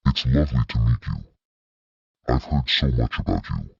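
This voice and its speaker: A gracious, polished woman from a storybook who speaks politely, read out by a man in his own extremely deep voice. The sound is gravelly and husky. The recording is dull. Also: lively intonation, normal speed, dry recording, full character voice.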